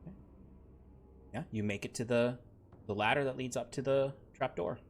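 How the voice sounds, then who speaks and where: A man's voice: medium pitch, normal speed, slight background noise. A man narrating as game master of a tabletop game, rambling with many fillers.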